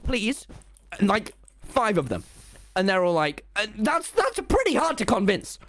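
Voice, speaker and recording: A man's voice: moderate pace, no echo. A young man, a gaming streamer telling a dramatic school story to his chat while he plays. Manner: excitable, dramatic storyteller with big pitch swings.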